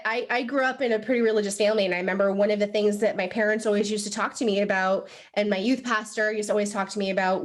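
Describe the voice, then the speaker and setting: A young woman giving a motivational training talk to a live group, animated and chatty, full of "like" and "right?". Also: medium pitch. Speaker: sales team trainer. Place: room with a live audience.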